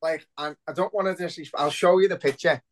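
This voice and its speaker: Sweary excitable man. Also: a little high, brisk, a little hiss or hum, poor audio. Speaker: podcast co-host. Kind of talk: casual football chat.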